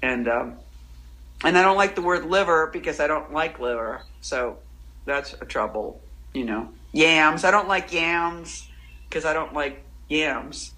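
A woman poet chatting as a guest in a rambling, self-interrupting, animated way. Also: low-pitched, unhurried, rough recording. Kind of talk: casual interview chat.

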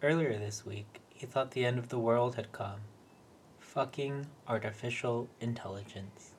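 A man reads a short story aloud. His delivery is wry and deadpan. His voice sits in an ordinary middle range. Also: medium pitch, moderate pace, slight background noise. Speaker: reader.

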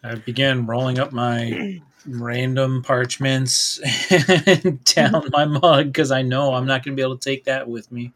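A man with a mid-range voice takes part in a tabletop role-playing game. He laughs often and jumps in quickly whenever something happens. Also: mid-range voice, fairly even intonation, fairly bright tone. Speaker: player.

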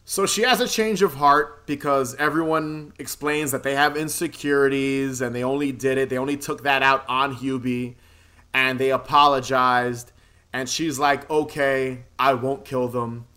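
A man's voice: mid-range voice, fairly even intonation, normal speed, bright, forceful tone, clean tone. A man casually recapping a movie plot in a podcast chat, rambling, swearing freely and laughing often. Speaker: podcast co-host.

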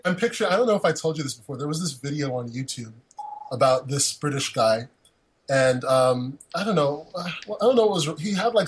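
Man, podcast host, casual chat, rambling and jokey, husky voice. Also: medium pitch, low-quality recording. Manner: rambling and jokey, many fillers.

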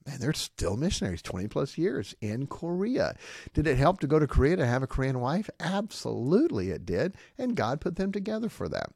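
A man's voice: medium pitch, brisk, creaky, husky, dry recording, clean studio sound. A man, a pastor, hosting a podcast and talking emphatically, often checking in with "okay?" and acting out what others say. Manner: emphatic, often asks "okay?" and acts out quotes in lively voices. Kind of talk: podcast monologue.

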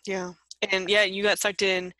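A woman's voice: mid-range voice, level tone, moderate pace, bright, forceful tone, no echo. A woman hosting a casual chat, curious and hedging with fillers. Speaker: host.

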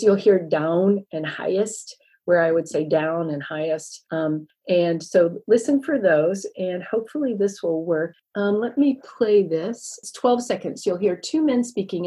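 Middle-aged woman lecturing on speech sounds, kinda husky, dark mellow tone, slows way down on examples. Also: fairly low pitch, rough recording. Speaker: lecturer on dialects. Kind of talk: recorded lecture.

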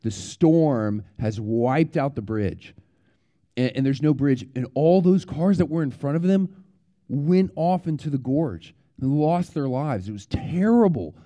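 Animated pastor telling a children's story. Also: male voice, mid-range voice, a little slow. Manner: animated storyteller, repeats words, yells out quoted warnings.

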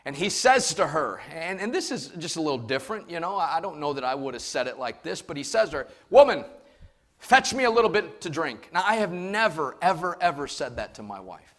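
A middle-aged male pastor preaching a sermon. He tells stories with emphasis, swinging from shouts down to hushed asides. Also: on the high side, big pitch swings, brisk, few pauses.

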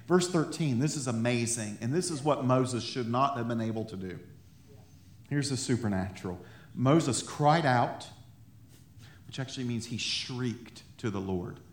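A man preaching a sermon, animated and emphatic, with laughing asides and loud rising peaks. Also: medium pitch, unhurried. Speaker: pastor. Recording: echoey room.

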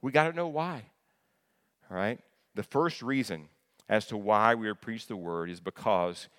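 A man, a pastor, preaching a sermon with lively questions to the congregation, often repeating words and restarting phrases. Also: lowish voice, a little slow. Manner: animated preacher, asks the congregation questions and answers them. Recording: long hall reverb.

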